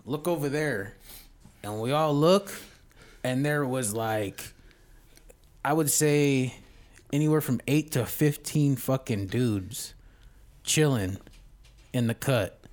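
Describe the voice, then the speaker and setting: A man's voice: medium pitch, slow, long pauses, a little mellow. A man telling a rambling, profane story in a casual podcast chat, as a guest who once played in a band. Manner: profane, rambling, laid-back.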